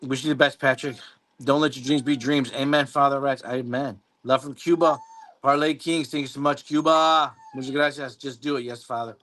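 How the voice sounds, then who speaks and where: A man's voice: mid-range voice, fairly even intonation, moderate pace, a bit bright. A man hosting a live stream, reading out viewer comments and chatting casually, rambling, swearing and laughing often. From Mexico. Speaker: livestream host.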